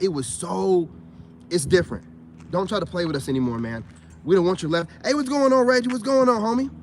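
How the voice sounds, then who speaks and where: An American man giving a blunt, heated ranting monologue as a vlogger, full of fillers, recorded in a vehicle. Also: sits high. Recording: loud background noise.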